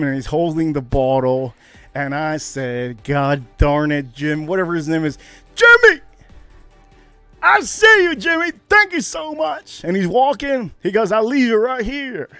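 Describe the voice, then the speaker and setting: Excitable high-voiced man telling a story. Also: dry recording. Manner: excitable, loud bursts, swearing, animated retelling. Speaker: livestream host. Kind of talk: casual storytelling to a live chat.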